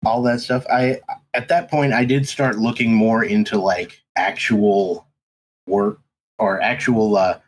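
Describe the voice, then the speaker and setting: A man's voice: fairly low pitch, fairly even intonation, measured pace, a little hiss or hum, low-quality recording. A man guesting on a podcast, telling stories in casual chat with lots of ums and restarts. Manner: rambling, many ums and restarts. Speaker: podcast guest, race commentator.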